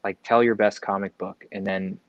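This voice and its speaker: Low-voiced guy rambling as a guest on a chat show, lots of "like" and "you know", dull, dry lo-fi audio. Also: level tone, normal speed, no room sound. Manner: rambling and conversational, lots of fillers and quoted asides. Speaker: guest comic book creator. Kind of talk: casual interview chat.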